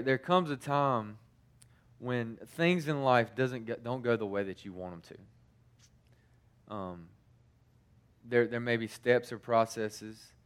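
A man's voice: medium pitch, clean tone. A man in his thirties, a youth pastor, telling stories in a casual sermon, stumbling through frequent restarts and fillers.

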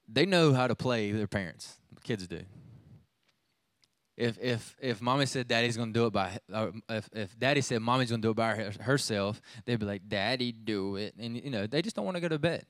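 A man's voice: on the low side, brisk, no room sound. A youth pastor in his thirties preaching a sermon, telling a family story in a conversational way with many restarts.

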